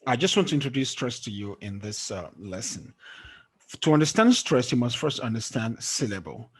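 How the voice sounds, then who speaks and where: A man's voice: mid-range voice, very animated, moderate pace, breathy edge. A man teaching an online English lesson, patient and quizzing students, often checking with "okay?". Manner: patient, checks understanding with frequent "okay?" and quiz questions. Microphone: screen-sharing call or recording.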